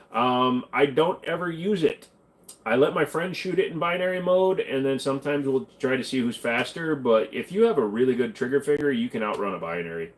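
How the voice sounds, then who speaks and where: A man hosting a casual livestream Q&A, reading chat questions aloud and answering them in a jokey, offhand way. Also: medium pitch.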